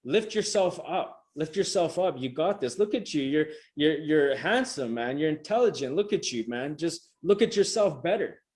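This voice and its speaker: A man's voice: on the high side, expressive, moderate pace, hardly any pauses, darkish tone. A middle-aged man giving a motivational coaching talk over a video call, emphatic and repetitive, casual and swearing freely. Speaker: motivational coach presenting a session. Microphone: video call microphone.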